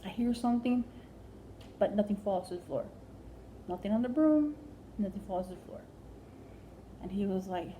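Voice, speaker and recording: A woman's voice: mid-range voice, moderate pace, long pauses, mellow, a little hiss or hum. A woman telling a comic story in a rambling way, full of fillers and "like". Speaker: comedian.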